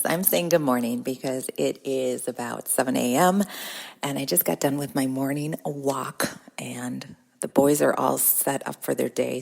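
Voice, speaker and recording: A woman talks in a casual podcast monologue, upbeat and chatty, laughing often. Her voice sits low with a gravelly, slightly husky texture. She records from a corner of her home. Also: darkish tone. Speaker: podcast host and business coach.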